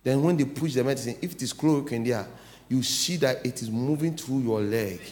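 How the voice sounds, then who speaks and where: A middle-aged man, a pastor with a Ghanaian English accent, preaching a sermon, swinging from quiet asides to loud declarations. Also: mid-range voice, fairly quick.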